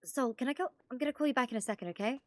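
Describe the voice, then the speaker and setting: A woman's voice: a little high, very fast, darkish tone, no room sound. A woman role-playing a police officer, chatting in character with frequent swearing and stammered restarts. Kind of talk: in-character role-play chat.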